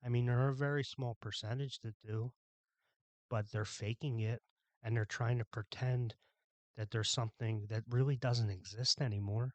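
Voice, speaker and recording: A man's voice: medium pitch, steady tone, normal speed, no echo. A man from Philadelphia hosting a solo podcast, ranting bluntly with exasperation and plenty of profanity. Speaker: podcast host.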